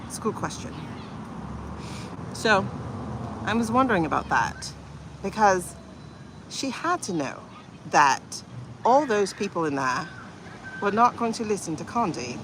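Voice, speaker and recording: A woman's voice: medium pitch, very animated, measured pace, pauses often, noisy background. Chatty woman livestreaming outdoors on a phone. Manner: chatty, rambling, playful asides. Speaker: livestream host. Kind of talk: casual livestream chat.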